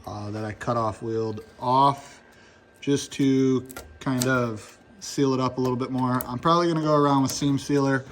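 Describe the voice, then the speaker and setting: A hoarse young man filming on his phone in a garage, casually explaining his work step by step and swearing now and then. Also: mid-range voice, fairly even intonation, normal speed, slight background noise. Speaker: car builder explaining his project. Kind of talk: casual how-to narration.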